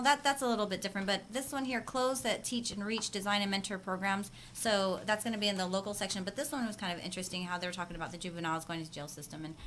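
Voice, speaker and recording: A woman co-hosting a morning radio show, chatting casually and telling animated stories. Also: mid-range voice, a little hiss or hum.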